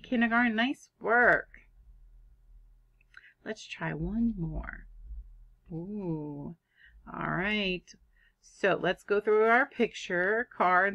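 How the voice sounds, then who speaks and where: A woman teaching a kindergarten reading lesson, sounding out words in an animated, drawn-out way. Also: medium pitch. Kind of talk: online phonics lesson for young children.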